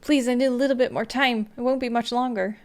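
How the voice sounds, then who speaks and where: A woman's voice: on the high side, fairly even intonation, fast, a little mellow, pitched above the performer's own voice, lightly acted. A woman reading a weary, firm senior detective. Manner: level, firm, subdued.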